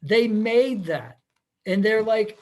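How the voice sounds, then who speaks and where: A man hosting a podcast, chatting casually and telling animated stories with laughs. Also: high-pitched, slow. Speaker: podcast host. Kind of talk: casual conversation.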